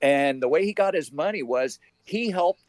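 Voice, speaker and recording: A man tells a story with heat and plenty of swearing as a guest on a loose live political chat. His pitch jumps up and down a lot as he talks. The sound is dry and close, with no room around it. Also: animated, normal speed, no room sound. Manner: heated, profane storytelling.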